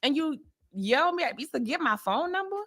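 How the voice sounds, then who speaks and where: Animated, bright-voiced woman telling a story. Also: high-pitched, a little fast. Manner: animated, laughing, blunt storyteller. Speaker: podcast co-host. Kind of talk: casual storytelling chat.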